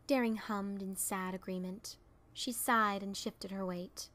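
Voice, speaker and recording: A woman's voice: mid-range voice, fairly even intonation, a little slow, a bit bright. A woman narrating a fan fiction audiobook, reading expressively and voicing its characters.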